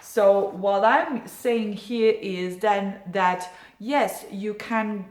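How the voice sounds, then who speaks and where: A woman's voice: mid-range voice, very slow, darkish tone, reverberant. A woman from Belgium, an astrologer, giving a yearly horoscope forecast in a chatty, reassuring way with many fillers. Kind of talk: casual horoscope video.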